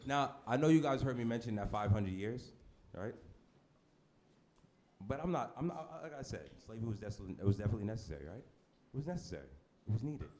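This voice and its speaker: A man performing a brash stand-up comedy set on a club stage, with deadpan shock delivery and asides to the crowd. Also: on the low side. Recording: noisy live club recording. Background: audience laughter.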